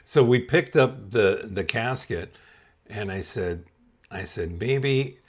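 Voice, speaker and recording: A man's voice: fairly low pitch, slow, slightly rough. A man hosting a podcast and telling a comedic personal story, chuckling often as he goes. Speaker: podcast host.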